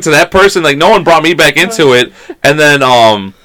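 A podcast co-host with a slightly high, sharp voice talks a little fast in a casual chat. He tells stories, swears freely, jokes and laughs along the way.

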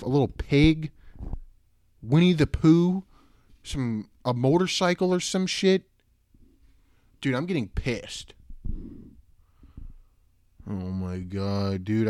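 A young man hosting a casual solo podcast who rambles, swears and breaks into loud, disbelieving outbursts. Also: a little high, no room sound. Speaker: podcast host.

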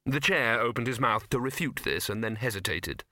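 A man narrating a comic fantasy audiobook with expressive storytelling. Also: mid-range voice, moderate pace, no echo, studio quality. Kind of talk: scripted narration.

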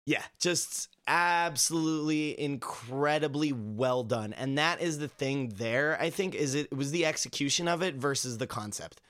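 A young man co-hosting a casual gaming podcast, animated and profane, acting out quoted characters as he tells the story. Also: fairly high pitch, normal speed, hardly any pauses. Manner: animated, acts out quoted characters, swears freely. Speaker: podcast co-host.

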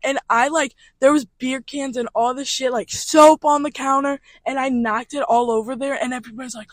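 A young woman casually telling a profane, animated story, often laughing. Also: high-pitched, brisk, hardly any pauses, no room sound. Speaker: storytelling co-host.

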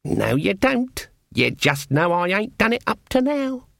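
A man puts on a stern old witch with a curt, dry way of talking. She sits a little higher than his own voice, and the reading is close and dry. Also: very animated, unhurried, vocal fry, a bit bright, no room sound, exaggerated voice.

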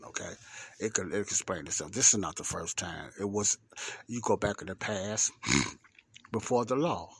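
A low-pitched man with a fairly bright, slightly rough voice gives a Bible teaching on a podcast. He reads scripture slowly and deliberately, repeats key words for emphasis and poses rhetorical questions.

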